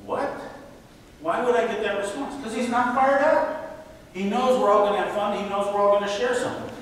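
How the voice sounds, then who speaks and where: A man's voice: high-pitched, brisk. A man giving a faith-based parenting talk, telling stories with acted quotes. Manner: animated storytelling with acted quotes. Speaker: parenting speaker. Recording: echoey hall from far off.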